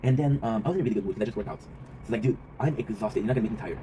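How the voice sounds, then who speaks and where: Rapid-talking man, rambling vlog monologue. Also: fairly low pitch, warm tone. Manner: rambling, reflective, swears freely, often tags "right?". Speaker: vlog host. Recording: noisy ambient background.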